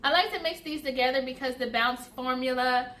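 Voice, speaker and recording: A woman's voice: sits high, brisk, a bit bright. A woman, chatting casually to viewers through a makeup routine and calling them y'all. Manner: chatty, addresses viewers as y'all, laughs often. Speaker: beauty vlogger. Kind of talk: casual get-ready-with-me chat.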